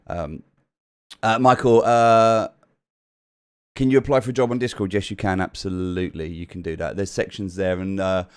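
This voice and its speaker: A man's voice: sits low, steady tone, moderate pace, clean tone. A chatty man hosting a casual livestream from his home, speaking directly to his chat. He often repeats his phrases as he talks things through. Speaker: livestream host. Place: upstairs room at home.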